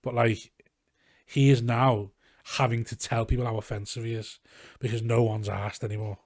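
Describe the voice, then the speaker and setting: A man's voice: mid-range voice, little pitch movement, moderate pace, a little mellow, no room sound, clean studio sound. A man from Liverpool with a Scouse accent, a comedian chatting casually as a podcast guest, rambling and swearing freely. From Liverpool, England. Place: garage studio.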